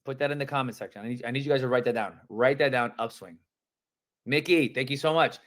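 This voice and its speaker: With a mid-range voice and a quick pace, a man runs a live-streamed sales training for real estate agents. He talks in high-energy casual slang and plays out sample phone calls.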